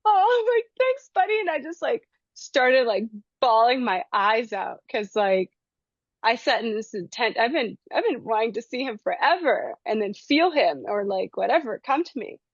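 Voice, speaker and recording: In a husky, slightly high voice at a moderate pace, a guest woman recounts a spiritual experience during an easygoing conversation. She brings the story alive by performing the voices of its characters, captured with no room sound and a somewhat dull lo-fi quality.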